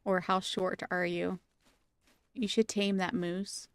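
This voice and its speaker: A woman talks playfully to her live-stream chat while she plays, teasing viewers and laughing easily. Her voice is smooth and clean, recorded dry and close with no room sound. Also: fairly low pitch, little pitch movement, slow pace, no echo. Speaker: gaming streamer.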